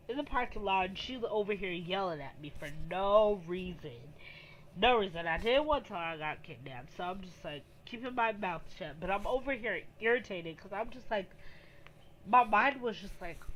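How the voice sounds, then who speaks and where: Woman, bright voice, casual storytime vlog, rambling, lots of filler words. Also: medium pitch, a little hiss or hum, poor audio. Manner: rambling, heavy use of "like" fillers. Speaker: vlogger.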